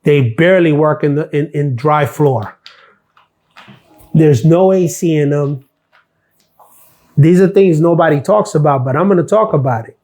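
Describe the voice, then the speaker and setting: Middle-aged guy on a live stream, fairly high voice, blunt sarcastic rant, swears a lot. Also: a little slow, pauses often, a little mellow. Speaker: live stream host, former mail carrier. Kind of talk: casual ranting live stream.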